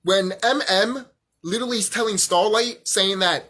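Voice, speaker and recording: A man's voice: high-pitched, normal speed, bright, forceful tone. A young man vlogging a heated, profane rant, often repeating himself. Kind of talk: angry rant monologue.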